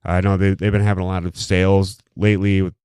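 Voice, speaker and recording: A man's voice: low-pitched, level tone, quick pace, darkish tone, clean tone, no echo. A man hosting a casual podcast, rambling and joking with heavy profanity, recorded close on a studio mic. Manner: rambling, heavily profane, jokey. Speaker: podcast host. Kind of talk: casual chat.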